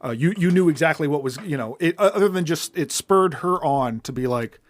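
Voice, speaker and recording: A man's voice: fairly high pitch, lively intonation, a little fast, few pauses. A man co-hosting a podcast, chatting casually about a film and thinking aloud as he critiques it. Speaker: podcast co-host. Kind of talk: casual film-review chat.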